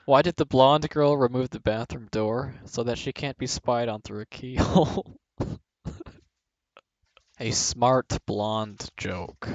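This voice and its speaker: A young man reads jokes aloud in a mid-pitched voice, often cracking up before the punchlines. The recording is dry and slightly dull, with no room sound. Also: dry recording. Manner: breaks into laughter mid-sentence. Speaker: video host reading jokes aloud. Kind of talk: reading jokes aloud with frequent laughter.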